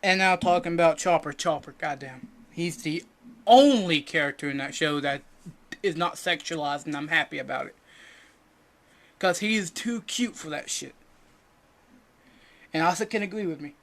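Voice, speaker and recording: A young man co-hosting a podcast, ranting crudely and jokingly, swinging from loud bursts to mumbled asides. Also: a little high, normal speed, pauses often. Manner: loud, jokey and profane, drops to mumbling asides. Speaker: podcast co-host. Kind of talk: casual crude rant.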